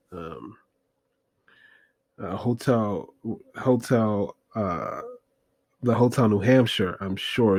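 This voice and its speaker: A man's voice: fairly low pitch, a little mellow, no room sound. A man casually recapping an old film, rambling with many fillers and wry asides. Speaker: movie review host.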